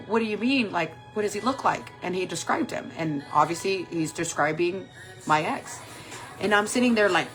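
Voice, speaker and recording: A woman's voice: medium pitch, moderate pace, faint music behind. A woman in her forties tells a personal story while doing her makeup, swearing freely and acting out what people said. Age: 40s. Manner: animated, swearing, acting out quoted dialogue. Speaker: makeup vlogger.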